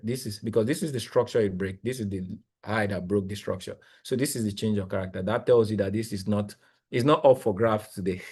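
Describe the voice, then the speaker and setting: A young man, coaching traders live while sharing his screen, talking in an excitable, exclamatory, rambling way with lots of repeats. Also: mid-range voice. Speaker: trading coach. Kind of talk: live screen-share trading analysis.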